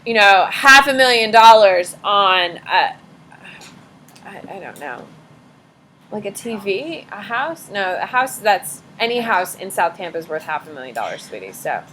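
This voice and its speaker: A woman's voice: medium pitch, big pitch swings, unhurried, sharp tone, slight background noise, poor audio. A woman teacher giving a casual classroom lecture, chatty and sarcastic, swearing offhandedly as she talks to students.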